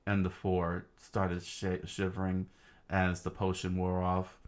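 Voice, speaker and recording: A man reading a comic aloud in a casual, halting way, with many fillers and asides about the panels. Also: low voice, monotone. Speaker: reader of a comic.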